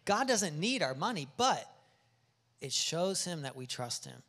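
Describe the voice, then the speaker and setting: A pastor speaks in a high voice, animated and quick to ask the congregation questions. His words ring out in the long reverb of a large hall. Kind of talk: sermon. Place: church sanctuary.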